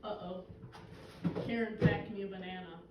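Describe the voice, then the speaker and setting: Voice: mid-range voice, fairly even intonation, normal speed, natural voice. A young performer playing Carl, a wisecracking middle-aged fisherman who swaps tall tales in a comedy skit. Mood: storytelling. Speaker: actor in a two-person comedy skit. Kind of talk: scripted comedic dialogue. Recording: roomy, distant, noisy stage recording.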